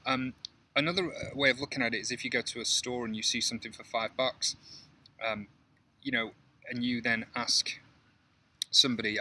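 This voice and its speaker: Bright-voiced man chatting about code. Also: medium pitch, quick pace, low-quality recording. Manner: conversational, rambling with many fillers. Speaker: programming instructor. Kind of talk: casual coding tutorial talk. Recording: faint background noise.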